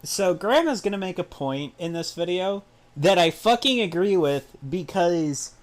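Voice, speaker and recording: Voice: mid-range voice, lively intonation, normal speed. A streamer from Pennsylvania giving blunt, earnest reaction commentary on a live stream.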